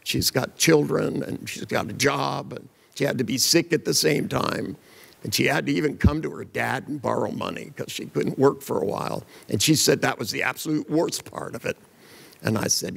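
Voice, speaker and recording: A long reverb tail follows this older man's medium-pitched voice, which is creaky and husky and keeps a normal speed. He's presenting a live seminar full of blunt, joking stories, performing the voices of those in them.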